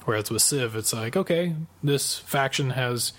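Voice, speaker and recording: A man's voice: medium pitch, measured pace, fairly bright tone. A man co-hosting a casual podcast chat, easygoing and murmuring agreement often. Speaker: podcast co-host.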